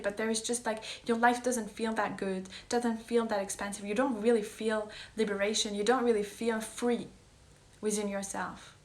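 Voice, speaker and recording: A woman's voice: a little high, reverberant. A woman coach talking earnestly in a casual heartfelt monologue, pressing her points and sometimes sinking to a whisper. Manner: earnest, emphatic, drops to whispers. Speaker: wellness coach.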